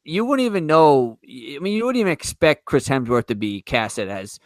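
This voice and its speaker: A man hosting a casual podcast, swearing often and talking in halting bursts. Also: mid-range voice, sing-song, no room sound. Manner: swears a lot, halting with restarts. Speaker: podcast host.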